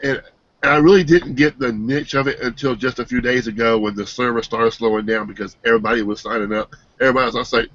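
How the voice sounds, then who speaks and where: A man's voice: mid-range voice, steady tone, a bit bright, no echo. Brief: earnest man, emotional testimonial, stop-start delivery, muffled dry lo-fi audio. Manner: earnest and emotional, halting with many restarts. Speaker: team member giving a testimonial. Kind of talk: personal testimonial. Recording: dull, dry lo-fi sound.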